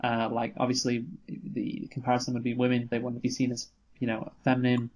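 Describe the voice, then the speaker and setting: A man with a mid-pitched, ordinary voice talks a film over in a relaxed podcast chat. His replies are dry, offhand and often brief. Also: fairly quick. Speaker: podcast co-host. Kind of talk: casual film review chat.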